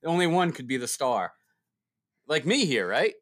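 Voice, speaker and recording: A man's voice: mid-range voice, very animated, normal speed, fairly bright tone. A man co-hosting a casual podcast chat, teasing his co-host and laughing often.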